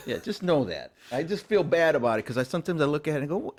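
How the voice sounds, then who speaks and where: A man's voice: fairly high pitch, quick pace. A man in his forties talking with a friend in casual chat, rambling and correcting himself as he goes. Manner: rambling, self-correcting, animated.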